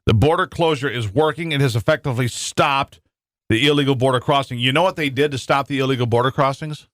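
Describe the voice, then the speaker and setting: A man's voice: medium pitch, fast, a bit bright, no echo, studio quality. An American man hosting a talk radio show in a rambling monologue with frequent restarts. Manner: rambling, with many restarts and fillers.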